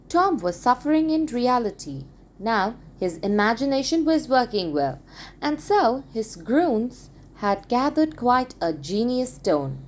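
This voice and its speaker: A woman reads a story aloud for schoolchildren, at an unhurried pace. Her pitch rises and falls in a lively way, and each phrase is clear and deliberate. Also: slight background noise. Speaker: audiobook reader. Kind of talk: expressive read-aloud narration.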